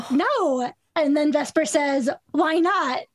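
A woman excitedly retelling her favorite part of a book, quick and giggly. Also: sits high, no room sound. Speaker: podcast co-host. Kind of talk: casual book chat.

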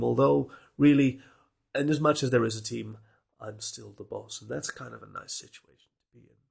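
A man's voice: medium pitch, creaky, breathy edge. A man hosting a podcast, wrapping up in a wry, self-mocking, rambling way. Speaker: podcast host. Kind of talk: casual podcast sign-off.

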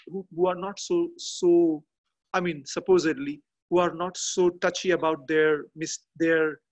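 A man chatting as a podcast guest from a garden outdoors, halting and often restarting as he searches for words. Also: fairly high pitch, little pitch movement. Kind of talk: casual interview chat.

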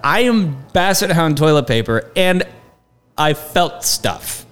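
A man co-hosts a casual podcast, his voice a little high and swinging widely in pitch. He banters and tells stories with a joking, animated delivery. He is recorded in a small side room. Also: takes it slowly, clean tone. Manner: jokey, animated storyteller. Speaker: podcast co-host. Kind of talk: casual chat.

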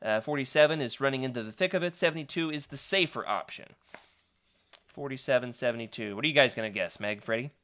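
A man's voice: medium pitch, quick pace, fairly bright tone. A man hosting a live stream, chatty and playful, reading a choose-your-own-adventure book aloud to his viewers.

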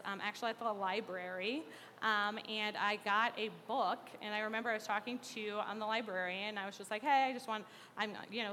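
A woman gives a personal testimony in a bright, forward voice. She speaks earnestly and haltingly, with plenty of fillers. Her words trail off into a long reverb, and there is faint noise behind her. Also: mid-range voice. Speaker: speaker sharing a faith testimony.

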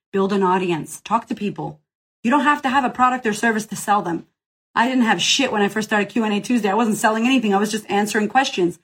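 Woman podcast coach, breathy and husky, effusive, blunt, profane, high-energy pep talk. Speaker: business coach and podcast host. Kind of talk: live motivational Q&A.

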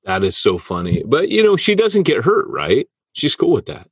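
A man's voice: mid-range voice, wildly swooping pitch, normal speed, slightly rough, no room sound. A man co-hosting a podcast, chatting casually and teasing his co-host. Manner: joking, teasing banter. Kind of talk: casual chat. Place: home under renovation, drywalling.

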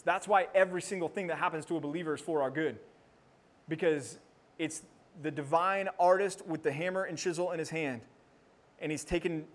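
A pastor with a rather high male voice delivers his sermon in an animated way. He talks to the congregation directly, and when he reaches the rousing quotes his voice climbs and gets loud. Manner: animated preaching, voice rising to near shouting when quoting.

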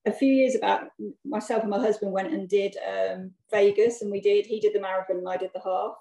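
Fast-talking English woman in an echoey room. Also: medium pitch, fairly even intonation, vocal fry, dark tone. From England. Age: 40s. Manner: chatty, laughs often, many repeated tag questions. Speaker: podcast guest. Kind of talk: casual chat. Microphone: video call.

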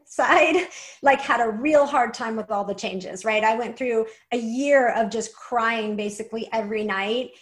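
A young adult woman, a guest and author, telling a personal story earnestly with many "like" fillers. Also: on the high side. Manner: earnest, fast, lots of "like" fillers.

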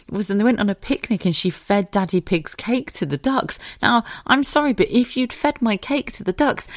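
A woman's voice: medium pitch, animated, moderate pace, no room sound, studio quality. A young mother chatting casually, laughing often and swearing freely. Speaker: podcast host, parent. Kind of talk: casual chat.

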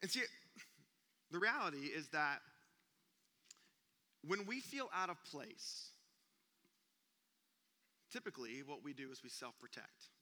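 A young man preaching, an animated storyteller who acts out gasps and sounds during a comic story, speaking in a church auditorium. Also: on the high side, takes it slowly, pauses often. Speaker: youth pastor. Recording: long reverb of a church hall.

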